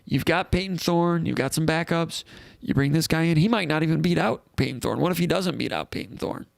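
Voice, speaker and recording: A man's voice: on the high side, a little fast, gravelly, dry recording, studio quality. A man hosting a live call-in sports show in a casual, rambling way, reading out comments and thinking aloud.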